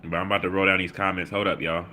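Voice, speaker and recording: Low, bright-voiced man. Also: level tone, racing, slight background noise. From Baltimore. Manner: loose, slangy, reads chat comments aloud with shout-outs. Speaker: livestream host. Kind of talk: casual livestream chat.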